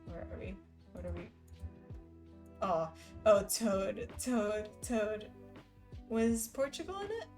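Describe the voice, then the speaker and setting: A woman's voice: mid-range voice, lively intonation, slow pace, long pauses, darkish tone, soft background music. A woman streamer talking casually with her chat, laughing often and reading messages aloud. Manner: giggly, chatty, reads chat aloud.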